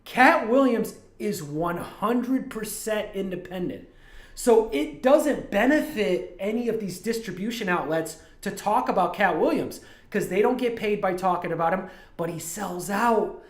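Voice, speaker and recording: A man's voice: sits high, expressive, a little slow. Rambling man on a roomy livestream. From Toledo, Ohio. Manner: rambling, digressive storytelling. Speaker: streamer and animator. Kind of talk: casual livestream chat. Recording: roomy echo.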